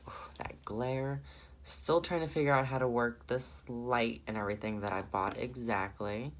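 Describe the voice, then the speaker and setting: A man's voice: mid-range voice, fairly even intonation, normal speed, a bit bright. A man with a Southern US accent chatting through a makeup tutorial, thinking aloud and gushing over the colors. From Southern United States. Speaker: makeup vlogger.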